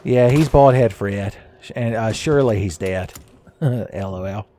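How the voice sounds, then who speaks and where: A man giving casual, joking commentary while playing a game, his voice a little raspy today and often breaking into laughs at his own asides. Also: lowish voice, measured pace, mellow, a little hiss or hum. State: slightly raspy voice. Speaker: gaming commentator. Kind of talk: casual let's-play commentary.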